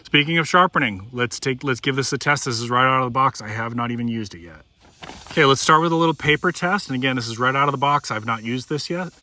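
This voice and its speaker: A man's voice: medium pitch, expressive, fast, bright, forceful tone. A middle-aged man casually reviewing a pocket knife, talking folksy and demonstrating as he goes. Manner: conversational, demonstrating as he talks, folksy.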